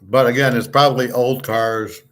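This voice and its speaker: A man hosting a casual livestream, talking loud and clear on purpose, blunt and opinionated, rambling from one point to the next. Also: medium pitch, fairly even intonation, moderate pace. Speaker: sports handicapping show host. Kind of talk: casual livestream chat with viewers.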